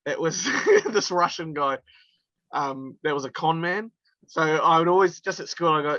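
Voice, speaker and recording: A man's voice: fairly high pitch, lively intonation, normal speed, sharp tone, no echo, dull audio. A male wrestler from New telling stories in a casual interview, chatty and laughing through his anecdotes with plenty of fillers. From New Zealand.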